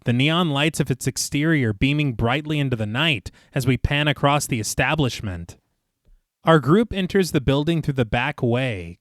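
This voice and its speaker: A podcast co-host recaps a film scene by scene in a medium-pitched voice, recorded at studio quality with no room sound. He's an animated storyteller, quoting the movie's lines with gusto amid casual asides.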